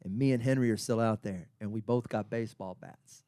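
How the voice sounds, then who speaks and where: A man, hosting a podcast and telling a profane story to friends with lively energy. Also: lowish voice, brisk. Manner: animated, profane, acts out quotes. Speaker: podcast host and stand-up comic. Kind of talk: casual storytelling among friends.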